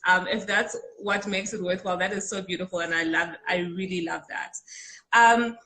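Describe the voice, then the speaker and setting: A woman's voice: on the low side, steady tone, normal speed, sharp tone, poor audio. A woman hosting a live online interview, asking encouraging questions. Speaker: interview host.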